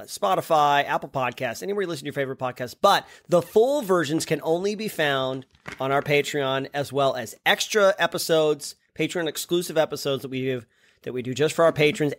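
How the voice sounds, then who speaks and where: A man's voice: on the high side, a bit bright, no echo. A man co-hosting a casual podcast, talking enthusiastically and filling his speech with "like" and "totally". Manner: enthusiastic, heavy use of "like" and "totally". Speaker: podcast co-host.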